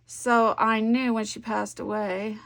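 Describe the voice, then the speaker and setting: Chatty woman with a gravelly edge. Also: fairly high pitch, flat delivery, takes it slowly. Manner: chatty, warm storytelling with soft asides. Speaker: scrapbooking vlogger. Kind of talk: casual chat while crafting.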